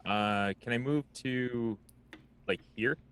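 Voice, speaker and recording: A man's voice: medium pitch, slow, a bit bright, smooth. A man playing in a tabletop game, who asks easygoing questions about the map and his moves. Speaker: player. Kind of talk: casual table talk.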